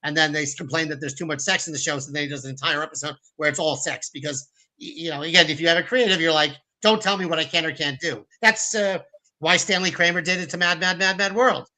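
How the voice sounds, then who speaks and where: Talking fast in a fairly high voice, a male film director tells stories as a guest in a relaxed interview, and the recording is rough. He animatedly performs quotes in put-on voices and frequently restarts sentences.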